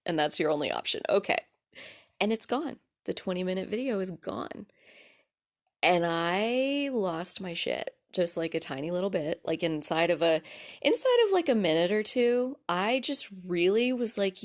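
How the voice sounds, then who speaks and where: A young adult woman hosting her own podcast, telling a personal story in a casual, animated way, full of likes, restarts, laughs and swearing. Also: medium pitch, normal speed. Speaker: podcast host.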